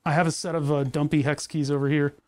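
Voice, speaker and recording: A man's voice: a little high, little pitch movement, fast, slight background noise. A man hosting a casual livestream, rambling and self-deprecating as he thinks aloud while he takes apart a machine. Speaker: livestream host.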